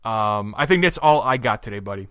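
A man's voice: fairly low pitch, animated, fairly quick, fairly bright tone, smooth, no room sound. A man co-hosting a podcast in casual, jokey banter, rattling off lists with playful humor. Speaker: podcast co-host. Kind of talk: casual chat.

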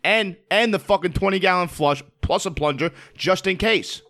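Young man, podcast co-host, casual crude chat, swears a lot, laughs often, slightly high voice. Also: normal speed, a bit bright. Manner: profane, laughing storyteller.

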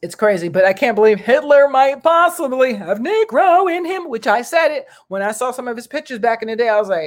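A person delivering a casual opinion monologue to viewers, animated and exclamatory, with slangy asides and lots of fillers. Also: brisk, few pauses. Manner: animated, slangy and exclamatory, with big pitch jumps.

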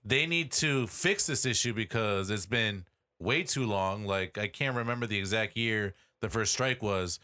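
A man's voice: fairly low pitch, unhurried, bright, forceful tone. A man in a casual podcast discussion, talking in loose, rambling runs with restarts and the odd swear. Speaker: podcast co-host or guest.

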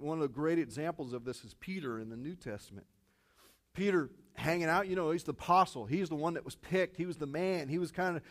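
A male pastor preaching a sermon in an animated way, acting out dialogue and often restarting his sentences. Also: on the high side.

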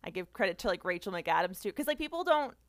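A woman's voice: medium pitch, fast talker, no room sound, clean studio sound. A woman from the Boston area, a guest on a film podcast, talking animatedly with lots of "like" and frequent laughs. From Boston area, USA. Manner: animated, laughs often, many "like" fillers. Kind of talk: casual film podcast chat.

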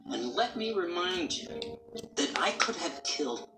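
Chucky, a sneering killer doll. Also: male voice, sits high, very animated, measured pace, far from the mic. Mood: taunting. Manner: sneering, foul-mouthed, mocking. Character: small murderous possessed male doll, taunting. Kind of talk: TV drama acting. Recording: echoey TV soundtrack with loud music.

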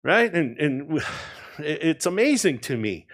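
A man preaching an expository sermon in a conversational way, often checking in with "right?" and moving between soft, low passages and emphatic ones. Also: sing-song, measured pace. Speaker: pastor.

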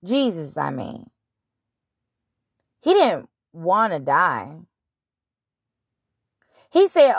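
Woman host, unhurried delivery, dry close sound, blunt and profane. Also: low voice, gravelly, husky, no echo. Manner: animated, blunt, profane, retelling scripture in her own words. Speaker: podcast host. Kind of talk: casual spiritual monologue.

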